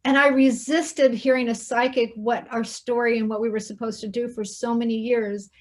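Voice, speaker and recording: Soft-spoken woman telling a personal story. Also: on the high side, little pitch movement, normal speed. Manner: soft, hushed retelling with quoted dialogue. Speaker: interview host.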